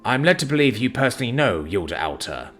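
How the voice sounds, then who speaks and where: A man's voice: medium pitch, very animated, fast, fairly bright tone, soft background music, pitched above the performer's own voice. A man voicing a young male orc warrior who speaks respectfully but boldly. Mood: earnest.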